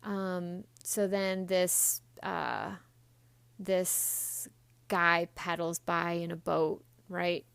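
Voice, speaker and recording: A woman's voice: fairly low pitch, fairly even intonation, very slow, creaky, fairly bright tone, smooth, no room sound. A woman hosting a self-help podcast in a blunt, chatty monologue, swearing casually and acting out quoted voices. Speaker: podcast host.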